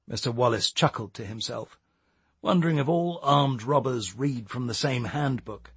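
Husky male audiobook narrator. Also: mid-range voice, dry recording. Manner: steady, measured storytelling. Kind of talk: scripted narration.

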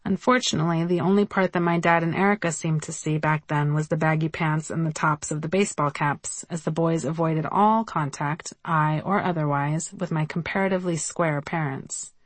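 A woman reads her memoir aloud in a wry, conversational storytelling manner. Her voice sits fairly low. The recording is dry and close, with no room sound. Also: fairly even intonation, moderate pace, hardly any pauses, dry recording. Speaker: memoir narrator. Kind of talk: audiobook memoir reading.

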